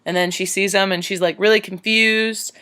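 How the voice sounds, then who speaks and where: A woman's voice: normal speed, clear, resonant tone. A woman retelling a movie plot in a casual, rambling way, full of fillers, her voice leaping up when she gets emotional. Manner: rambling, animated, many fillers, voice jumps high when emotional. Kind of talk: casual excited movie recap.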